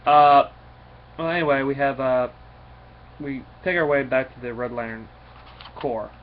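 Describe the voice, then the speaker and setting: A man casually recapping a comic book issue in a rambling, halting way, with many fillers and restarts. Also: medium pitch. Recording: slightly dull recording with faint noise.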